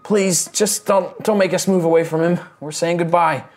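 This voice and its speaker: A man's voice: sits high, fairly even intonation, moderate pace, over music, pitched above the performer's own voice. A man voicing a grieving companion who begs to stay beside a dying friend. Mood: pleading. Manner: pleading. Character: grieving companion, pleading softly.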